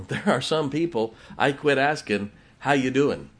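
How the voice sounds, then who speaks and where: A man preaches to his congregation in a folksy, storytelling way, chuckling at his own punchlines. His voice sits at an ordinary middle pitch for a man, and he speaks from the pulpit of a church. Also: animated, takes it slowly. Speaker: pastor. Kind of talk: sermon.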